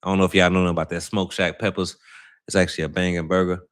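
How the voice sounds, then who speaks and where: Rapid-fire and with little pitch movement, a young man's low, fairly bright voice carries his casual Saint Louis livestream. He rambles in loose slang with viewers, leaning heavily on "you know what I'm saying."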